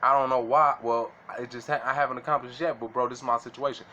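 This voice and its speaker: Casual vlogger, man, slangy and bright, faint noise behind. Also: medium pitch, steady tone, quick pace, lo-fi sound. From Illinois. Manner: slangy, keeps asking "you know what I'm saying". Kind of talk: casual monologue to camera.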